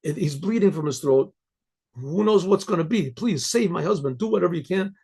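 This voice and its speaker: A man, a rabbi, telling a story in a casual, halting way, repeating words and often clearing his throat. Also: high-pitched, lively intonation, dark tone.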